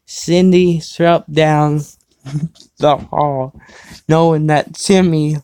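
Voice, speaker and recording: A man reads a fan story aloud on his own show, trailing off into sarcastic remarks whenever the text stops making sense. His delivery is slow and unhurried, with a warm, darker tone. The recording is dry and close to the mic. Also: a little high, steady tone, clear, resonant tone, no echo. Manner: sarcastic asides, stumbles over the text. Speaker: show host reading fan fiction. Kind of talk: casual dramatic reading with commentary.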